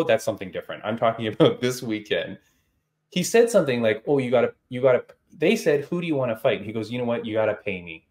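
Teasing, animated male podcast host. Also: mid-range voice. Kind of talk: casual chat.

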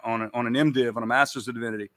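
A man's voice: medium pitch, steady tone, rapid-fire, fairly bright tone, dry recording. A man from Louisiana, a priest, chatting casually as a guest with frequent restarts and repeated words. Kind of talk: casual conversation.

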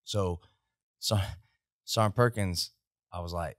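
A man's voice: deep voice, measured pace, pauses often, no room sound, studio quality. A man in his thirties with an American accent, a veteran guest telling profane army stories in casual podcast talk. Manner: profane, animated anecdote telling. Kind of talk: casual storytelling. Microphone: podcast studio mic.

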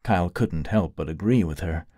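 A man reading an audiobook in an even, wry storytelling manner. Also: sits low, moderate pace, no echo, studio quality. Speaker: audiobook narrator. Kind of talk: scripted narration.

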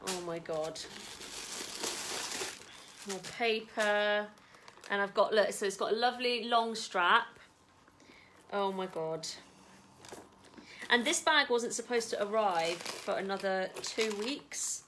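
Excitable woman vlogger, bright and chatty, live from home with faint room noise. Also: mid-range voice, slow pace, long pauses. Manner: excitable, chatty, swears casually. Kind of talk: casual live-stream chat.

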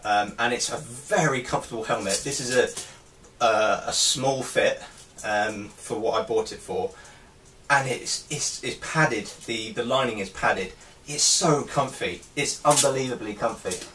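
A man's voice: mid-range voice, unhurried, sharp tone. A man giving a casual show-and-tell of his helmet collection, talking hesitantly with many ums and restarts. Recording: distant mic with faint background noise.

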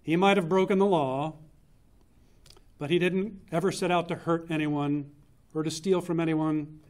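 A man in his fifties speaks at a memorial in a funeral chapel, his voice sitting a little high for a man. He tells old family stories earnestly, pausing to let each moment land. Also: fairly even intonation, a little mellow. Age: 50s. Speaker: eulogist, younger brother of the deceased. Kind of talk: memorial eulogy, personal storytelling.

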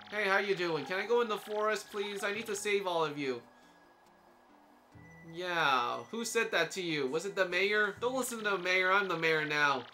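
Young guy doing let's play commentary, kinda high voice, sarcastic and jokey, laughs a lot. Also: pushed and bright. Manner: joking and sarcastic, laughs often. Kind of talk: casual gameplay commentary.

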